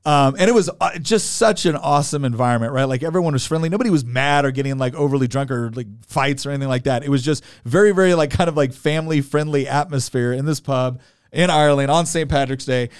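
A man's voice: mid-range voice, fast, clean tone, no echo, studio quality. An American man in his forties, chatting as podcast co-host and telling stories with lots of fillers. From United States. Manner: rambling storyteller, many fillers and restarts. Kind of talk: casual chat.

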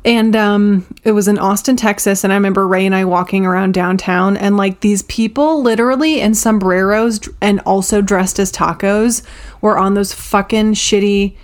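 A woman's voice: medium pitch, fairly even intonation, normal speed. A woman in casual conversation who speaks bluntly and animatedly and swears freely. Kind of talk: casual chat.

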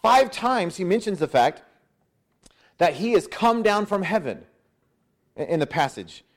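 A man delivers a sermon in a high, light voice, lively and conversational. He slips into quick acted-out voices, with a casual "hey" that keeps the teaching informal. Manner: animated, acts out crowd voices with "hey". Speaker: pastor.

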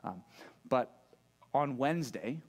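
A man's voice: mid-range voice, expressive, slow pace. A man preaching a sermon as pastor, conversational and joking, asking the room questions. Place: church room with a live audience.

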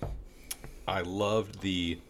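A man's voice: low voice, level tone, slow pace, slight background noise. A man in casual conversation about a movie, laid-back and dry. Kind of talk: casual movie review chat.

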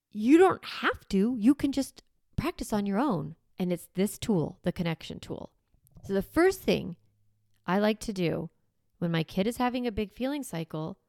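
Gravelly-voiced woman parenting coach. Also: mid-range voice, no room sound, studio quality. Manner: lively, conversational, repeats steps for emphasis. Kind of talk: podcast coaching talk.

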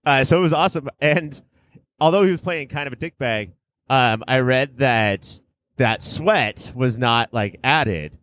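A man's voice: mid-range voice, unhurried, fairly bright tone, no echo. A man co-hosting a podcast in casual chat, rambling and laughing as he talks. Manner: rambling, laughs while talking. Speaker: podcast co-host.

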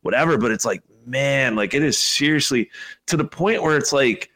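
A man's voice: mid-range voice, moderate pace, a bit bright. Rambling, profane male podcast guest. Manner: rambling, profane, lots of filler words. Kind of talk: casual political chat.

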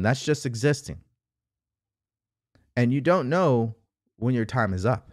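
A man's voice: medium pitch, animated, slow, pauses often, darkish tone, dry recording, clean studio sound. A man giving an emphatic motivational talk, full of rhetorical questions and repeated phrases. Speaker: motivational speaker. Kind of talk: motivational monologue.

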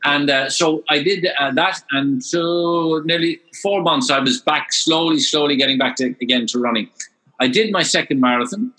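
An older Irish man in his sixties telling stories as a guest in an interview. His voice is bright and fairly high for a man, and he talks in an animated way, stumbling over repeated words when he gets excited. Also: normal speed, low-quality recording. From Ireland. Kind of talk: storytelling interview.

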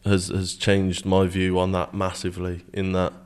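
A man with a very low voice, reflecting earnestly on his work. He often stumbles and repeats his opening words as he thinks aloud, speaking in a studio interview. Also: monotone, moderate pace, clean tone. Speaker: guest, security manager.

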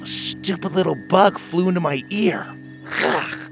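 A man voicing a loud, blunt young female pixie in an audio story. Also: sits high, a little slow, vocal fry, over music, pitched above the performer's own voice. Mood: brash. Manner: shouty and blunt.

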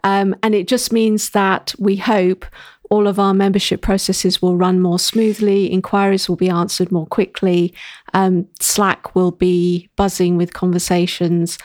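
A woman's voice: mid-range voice, flat delivery, measured pace, a little mellow, no room sound, clean studio sound. A woman co-hosting a podcast, chatting in an upbeat, joking way. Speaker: co-host of a local digital community podcast. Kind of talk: casual podcast chat.

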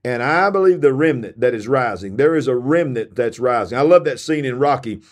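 A man's voice: mid-range voice, expressive, brisk. A man delivers a sermon-style podcast with fiery, emphatic conviction and leans hard on repetition. His voice sounds tired, yet he keeps pushing forward like a preacher in full flow. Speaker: preacher and show host.

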